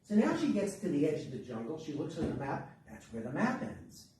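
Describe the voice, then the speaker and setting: Lively male storyteller in an echoey hall. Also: on the high side, a little fast. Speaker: workshop teacher. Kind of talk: storytelling to a class. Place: workshop room. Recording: echoey room, distant mic, faint noise.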